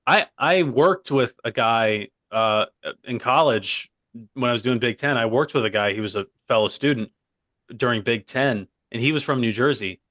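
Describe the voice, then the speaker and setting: A man's voice: mid-range voice, moderate pace, a bit bright. A young man co-hosting a comedy podcast. He rambles and keeps drifting into side tracks, and the sound is close and dry, with no room echo. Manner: rambling, digressive, keeps saying "by the way". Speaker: co-host. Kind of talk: casual comedy podcast chat.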